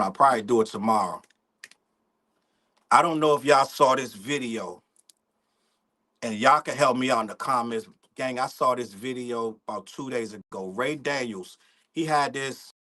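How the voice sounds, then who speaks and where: A man's voice: mid-range voice, moderate pace, pauses often, a bit bright. A young man hosting a casual livestream, talking in loose slang, rambling, laughing often and reading out the chat. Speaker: livestream host.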